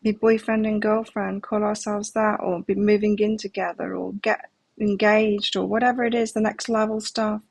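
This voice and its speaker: A woman's voice: medium pitch, flat delivery, normal speed, vocal fry, slightly rough, no echo. A middle-aged woman giving a live tarot reading, talking candidly and reflectively and sharing personal stories. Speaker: tarot reader.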